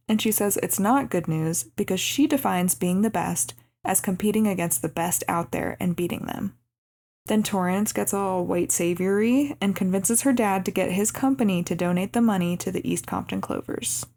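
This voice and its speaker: Young woman podcast cohost, gravelly fry, mid pitch, walking through the plot. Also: moderate pace. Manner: narrates the plot in an even recap, with light laughs. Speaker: podcast co-host. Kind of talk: casual chat recapping a movie.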